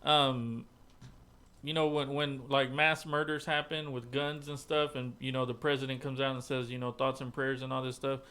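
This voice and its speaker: A man's voice: medium pitch, level tone, moderate pace, pushed and bright, clear, resonant tone. A man hosting a casual sports podcast, rambling with many restarts and free swearing. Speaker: podcast host. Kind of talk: casual chat.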